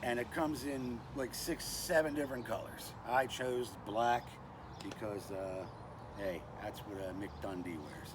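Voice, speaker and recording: A man's voice: on the low side, a little slow, noisy background. An older man hosting a casual knife and gear review vlog, chatty and self-deprecating with lots of "uh" and "anyway.". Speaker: knife review channel host.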